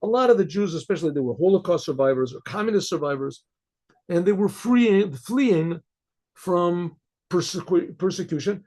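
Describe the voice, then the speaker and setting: Husky, dark-voiced rabbi storyteller; halting delivery, keeps clearing his throat. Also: high-pitched, animated. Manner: halting, many restarts and fillers, clears throat often. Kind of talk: casual spoken storytelling.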